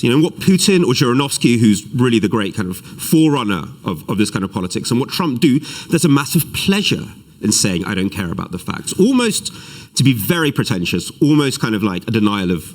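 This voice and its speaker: A man giving a live-streamed lecture as an author, animated, with self-deprecating asides and readings from his book. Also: mid-range voice, a little fast. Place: event hall, live streamed.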